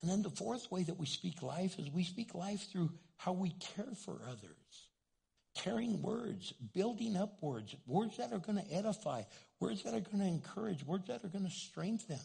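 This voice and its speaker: An older man, a pastor preaching a sermon, who talks loud and animated and acts out little quotes. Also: high voice, normal speed, vocal fry, slightly rough.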